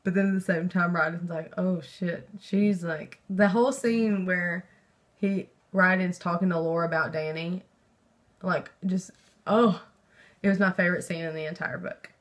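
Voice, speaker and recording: Excitable, rambling young woman book vlogger. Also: fairly low pitch, moderate pace. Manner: rambling and excitable, with lots of fillers and swearing. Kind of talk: casual book review chat.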